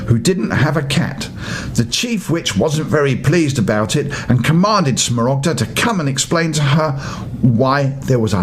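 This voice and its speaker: Lively grandfather reading a bedtime story. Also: a little high, slight background noise. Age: older. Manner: chatty, warm asides between story lines.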